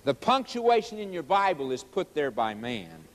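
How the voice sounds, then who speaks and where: A man's voice: fairly high pitch, sing-song, moderate pace, big-room sound. A man preaching a sermon, quoting scripture aloud and asking his listeners rhetorical questions with emphatic force. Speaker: evangelist.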